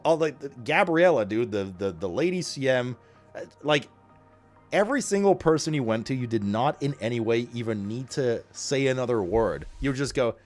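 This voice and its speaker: A young man from Romania, a streamer, casually telling a rambling, excitable story to his chat and swearing often. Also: lowish voice.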